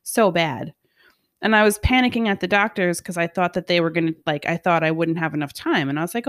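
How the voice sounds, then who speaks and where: A woman's voice: fairly low pitch, fairly quick, no room sound, studio quality. A woman chatting casually on a podcast, telling a story with lots of swearing and acted-out quotes. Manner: animated storytelling, swears freely, acts out quotes. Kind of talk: casual chat.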